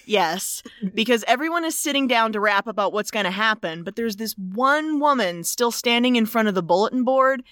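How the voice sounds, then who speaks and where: A woman co-host breaks down an old film with real passion and an indignant edge. Her voice sits a little high. The recording is dry and close. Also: expressive, moderate pace, few pauses, fairly bright tone, no echo. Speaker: podcast co-host. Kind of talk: casual film-review chat.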